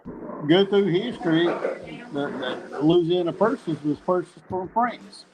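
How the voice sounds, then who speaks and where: A man's voice: high-pitched, expressive, unhurried, a crowd in the background, low-quality recording. A man joining a casual live-stream chat, mostly chiming in with short agreements.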